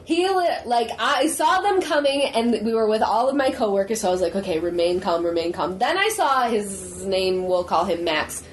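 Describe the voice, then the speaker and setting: A woman's voice: mid-range voice, expressive, moderate pace, hardly any pauses. Chatty laughing woman podcast host. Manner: chatty, laughing storyteller who swears freely. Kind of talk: casual chat.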